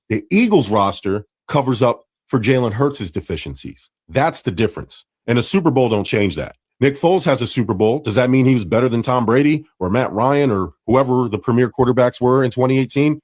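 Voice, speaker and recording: A man's voice: medium pitch, animated, brisk, hardly any pauses, a little mellow, no echo. Blunt man taunting in a dry clip. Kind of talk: blunt sports opinion rant.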